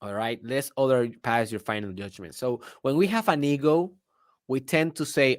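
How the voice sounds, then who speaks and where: A man's voice: mid-range voice, normal speed, dry recording, studio quality. A young man whose first language is Spanish, telling a story in a casual motivational monologue with loose grammar. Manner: animated storytelling with laughter and non-native grammar. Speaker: podcast host.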